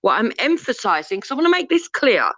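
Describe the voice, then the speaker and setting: Woman, 50s, blunt lecturing debater, lively pitch, dry lo-fi stream sound. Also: fast talker, no echo. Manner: blunt, lecturing, swears freely. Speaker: panelist on a live debate stream. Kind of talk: heated live debate.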